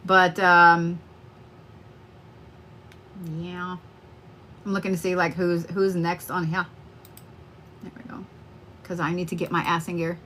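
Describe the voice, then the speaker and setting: A woman's voice: fairly low pitch, little pitch movement, takes it slowly, pauses often, background noise. A middle-aged woman hosting a live stream as a psychic card reader, chatting casually and rambling to viewers with plenty of swearing. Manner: chatty, rambling and freely profane.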